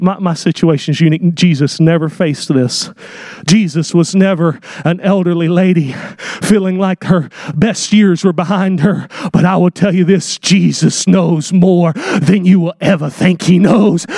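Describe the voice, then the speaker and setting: A man preaching a sermon, swinging between shouted high peaks and hushed whispers. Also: dry recording, clean studio sound.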